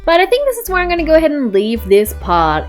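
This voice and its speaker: A woman's voice: sits high, wildly swooping pitch, quick pace, faint music behind. A young woman casually commenting while playing a life-sim game, chatty and playful. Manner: chatty, says "go ahead" often. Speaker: let's-play host.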